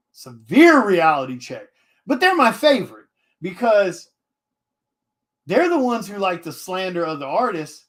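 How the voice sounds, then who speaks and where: A man, an indie comic artist, talking to his viewers in a blunt, profane casual rant, with many restarts. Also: a little high.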